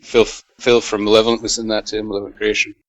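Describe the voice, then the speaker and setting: A man's voice: lowish voice, completely flat delivery, fast talker, fairly bright tone, rough recording. An American man, a musician guest, chatting casually in an interview, laid-back with plenty of fillers and laughs. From United States.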